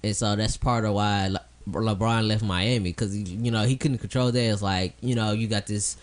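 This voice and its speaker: A man's voice: on the low side, fairly even intonation, moderate pace. A young man co-hosting a podcast in casual chat, laughing often, swearing freely and slipping into goofy voices. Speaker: podcast co-host.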